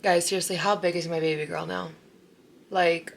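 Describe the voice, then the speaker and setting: A woman's voice: fairly low pitch, steady tone, brisk, gravelly. Chatty young woman vlogging at home. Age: 20s. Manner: chatty, lots of "like", talks to viewers as "guys". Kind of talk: casual vlog chat.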